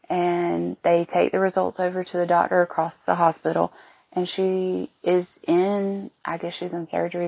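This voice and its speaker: A woman in her thirties telling a personal story on her podcast in an emotional, halting way, feeling sick and worn. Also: on the low side, vocal fry. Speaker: podcast host.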